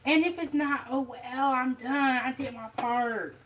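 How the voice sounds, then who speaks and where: A woman with a fairly high voice talks viewers through her cooking in a home kitchen. She is relaxed and chatty, calls her audience y'all, and laughs often as she goes. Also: a little slow, slight background noise, poor audio. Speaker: home cook hosting a cooking channel. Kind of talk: casual cooking vlog, talking while cooking.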